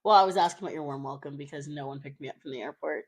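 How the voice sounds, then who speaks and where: A woman's voice: low voice, very fast, husky. A young woman co-hosting a podcast, telling a travel story in casual chat and acting out the quotes. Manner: animated storyteller, acts out quotes. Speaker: podcast co-host.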